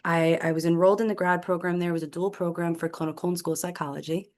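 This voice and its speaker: A woman, a podcast guest telling her career story in a lively, casual way. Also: lowish voice, fast talker. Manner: animated storyteller acting out quoted dialogue. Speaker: podcast guest, clinical executive.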